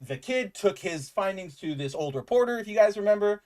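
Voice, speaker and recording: A man's voice: sits high, expressive, brisk, darkish tone. A man co-hosting a casual comics chat, enthusiastic and rambling, with lots of "like" fillers. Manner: enthusiastic, rambling, says "like" often. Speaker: podcast co-host.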